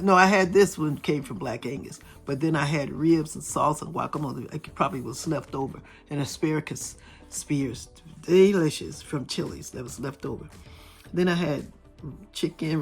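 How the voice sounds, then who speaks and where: A middle-aged woman vlogger chatting casually with her viewers, her voice still a little raspy and hoarse after a cold. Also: sits low. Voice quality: slightly raspy. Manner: chatty, talks straight to viewers. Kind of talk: casual chat. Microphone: camera filming from overhead.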